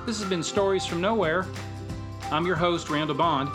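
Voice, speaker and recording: A man who hosts a storytelling show and coaches youth football, narrating a humorous story in a lively way with acted-out dialogue. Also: high voice, normal speed, music in the background.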